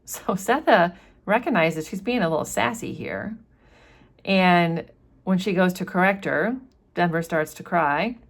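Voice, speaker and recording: A woman's voice: lowish voice, measured pace. A woman going through a novel chapter by chapter and explaining it in a casual way as a teacher. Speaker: literature teacher. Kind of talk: chapter-by-chapter book commentary.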